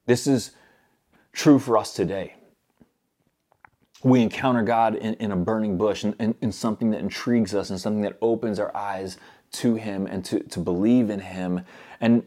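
A man preaching a sermon earnestly, moving between loud urgent stretches and soft hushed ones. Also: on the low side, moderate pace.

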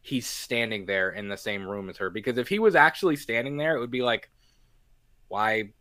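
A man's voice: medium pitch, normal speed, no echo. A young man co-hosting a podcast, talking casually about a movie and acting out quotes from its scenes. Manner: animated, acts out quotes from scenes. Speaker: podcast co-host.

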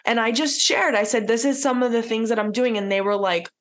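A woman speaks in a casual podcast chat, earnest and heartfelt, with plenty of "like" fillers. Her voice sits a little higher than most women's. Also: brisk. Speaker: podcast co-host.

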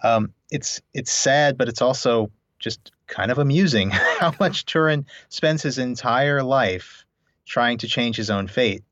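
A man's voice: mid-range voice, expressive, measured pace, a bit bright, dry recording, lo-fi sound. A man co-hosting a podcast in a casual book discussion, musing and agreeable. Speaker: podcast co-host.

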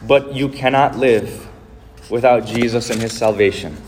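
A man's voice: mid-range voice, unhurried, a little mellow, a little hiss or hum. A male pastor giving a sermon, speaking earnestly and directly to his congregation.

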